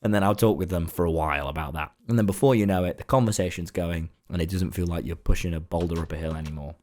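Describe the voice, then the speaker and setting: A man's voice: low voice, fast, darkish tone. A young man chatting casually in a late-night vlog, rambling and laid-back and swearing now and then. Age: young adult. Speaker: online content creator.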